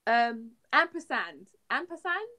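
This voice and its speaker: A young woman co-hosting a geek podcast, chatting excitedly and laughing often. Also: on the high side, measured pace, crowd noise. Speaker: podcast co-host. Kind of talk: casual geek chat.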